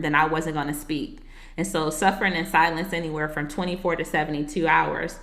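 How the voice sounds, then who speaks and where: Low, bright-voiced woman telling her story. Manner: earnest, reflective, with casual asides to the host. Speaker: marriage coach and author, podcast guest. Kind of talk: personal storytelling in a casual interview. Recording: echoey room.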